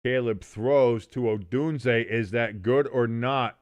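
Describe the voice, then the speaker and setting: A man's voice: mid-range voice, fairly even intonation, slow pace, no room sound. A man hosting a casual sports watch-along, mixing play-by-play calls with rambling jokes and chat comments he reads aloud.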